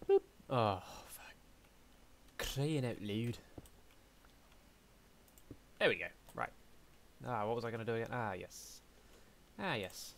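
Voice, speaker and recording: A man's voice: medium pitch, lively intonation, slow pace, long pauses, slight background noise. A young man giving casual let's-play commentary, chatty, talking to himself and humming as he plays. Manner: chatty, talks to himself, hums and mutters while playing. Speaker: gaming YouTuber.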